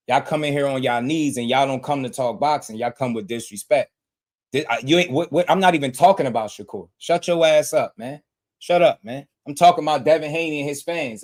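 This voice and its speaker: Heated guy on a boxing stream, mid pitch, going off at the chat, slangy and blunt. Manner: fired-up, blunt, slangy, talks straight to chat. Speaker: boxing livestream host.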